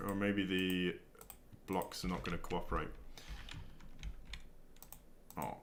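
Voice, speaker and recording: Speaking slowly in a low, steady voice, a young game streamer rambles casually and thinks out loud, dropping lots of ums as he builds in a video game. Slight background noise comes through, along with faint typing and keyboard clicks.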